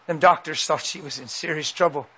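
A man's voice: fairly high pitch, brisk, fairly bright tone, slightly rough. A male preacher telling a personal story in a folksy, emphatic way, acting out the dialogue. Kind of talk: sermon storytelling.

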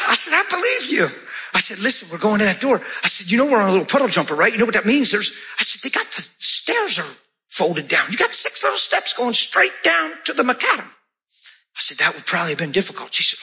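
A male pastor delivers a sermon testimony and acts out the dialogue as he goes. His voice sits very high and sounds piercingly bright, and his pitch swings widely, with sudden shouts of praise. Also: fairly quick. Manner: animated storytelling, acting out dialogue, shouting praise.

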